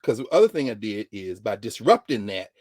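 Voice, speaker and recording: A middle-aged man, telling a story as a professor, his husky voice leaping up and down in pitch. He drops to near whispers and then bursts out loud, acting out each person he quotes. The sound is dry and close. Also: very animated, brisk, dry recording. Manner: dramatic retelling, voicing others in quotes, swinging from hushed to shouting. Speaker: professor and regular guest. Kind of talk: animated storytelling lesson.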